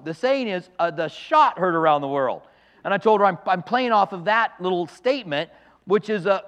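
A man's voice: sits high, fairly bright tone, in a large hall, highs cut off. A man preaching a sermon as a pastor, emphatic and conversational, with asides to the congregation. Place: church sanctuary.

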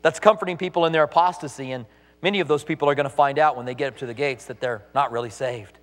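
A man preaching a sermon as a pastor, animated, acting out the voices he quotes. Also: mid-range voice, quick pace, in a large hall.

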